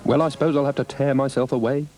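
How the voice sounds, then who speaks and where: A man's voice: mid-range voice, little pitch movement, quick pace, darkish tone, faint music behind, pitched above the performer's own voice, natural voice. A man voicing a pompous, self-important male dog with a fondness for sugar.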